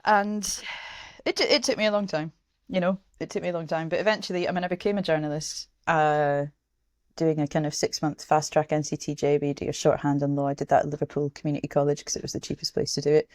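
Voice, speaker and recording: Low-voiced woman in her 30s from scotland, blunt and chatty, swears a bit, dry close mic. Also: quick pace, no echo. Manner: frank, animated, swears casually, frequent restarts. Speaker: journalist and author guest. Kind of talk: casual interview chat.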